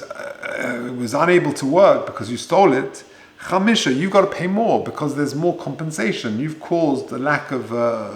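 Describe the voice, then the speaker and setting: Gravelly rabbi teaching Torah. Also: male voice, mid-range voice, a bit bright. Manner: conversational, mixes Hebrew and Yiddish terms, rhetorical questions. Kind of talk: Torah lecture. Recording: echoey room.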